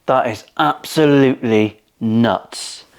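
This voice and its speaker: A man's voice: mid-range voice, slow, vocal fry, clean tone. A man hosting a casual workshop vlog as a luthier, talking to viewers in cheeky, sweary banter. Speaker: luthier and channel host. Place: guitar-making workshop.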